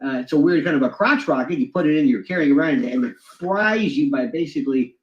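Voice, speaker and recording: A man telling stories as a guest, often breaking into mimicking voices. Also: fast. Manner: swings into high mimicking voices. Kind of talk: animated storytelling with impressions. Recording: echoey, dull lo-fi sound.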